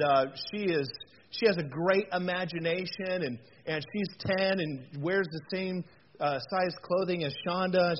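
A man with a high voice delivers a relaxed, conversational sermon. He talks in a chatty, animated way and keeps asking the room questions. The recording sounds dull and lo-fi, with a faint hiss under it. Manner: chatty and animated, with frequent fillers and rhetorical questions. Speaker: pastor.

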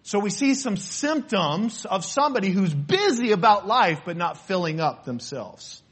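Man, preacher, sermon, emphatic delivery, repeats phrases, husky voice. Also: sits high, sing-song, moderate pace, fairly bright tone.

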